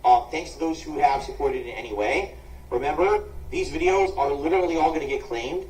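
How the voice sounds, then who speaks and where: A man's voice: a little high, a little fast, darkish tone. A man live streaming in a casual way, complaining about a video and pleading for donations. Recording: distant, echoey clip with faint hiss.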